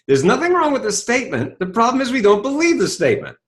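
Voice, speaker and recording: A man's voice: very high voice, fast talker. A middle-aged man giving a motivational talk, telling a story and acting out dialogue, with many rhetorical questions. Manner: animated storytelling, acts out dialogue; asks rhetorical questions, says "right?" often. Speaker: self-help speaker.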